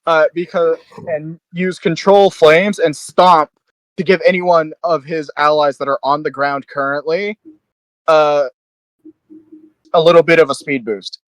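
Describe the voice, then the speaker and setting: A man's voice: a little high, fairly even intonation, unhurried, dry recording. A man playing a tabletop game in a casual, hesitant way, with fillers and laughs. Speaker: player.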